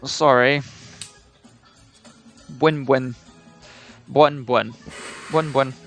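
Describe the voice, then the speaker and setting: A man's voice: mid-range voice, steady tone, very slow, a bit bright, soft background music. A male streamer talking opinionatedly on a live stream, putting on a New Zealand accent, repeating and restarting words while he answers chat. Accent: put-on New Zealand.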